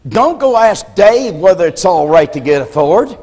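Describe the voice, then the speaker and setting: A man, a pastor from the United States, preaching a sermon in a folksy storytelling way and often clearing his throat. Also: high voice, big pitch swings, moderate pace, a little mellow. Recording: long hall reverb.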